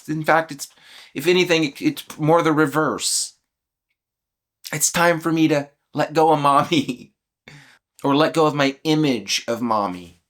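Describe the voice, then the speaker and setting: A man in his fifties speaking candidly and emotionally, questioning his own beliefs aloud in a reflective self-inquiry. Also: medium pitch. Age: 50s. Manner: candid and vulnerable, with soft laughs. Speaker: channel host.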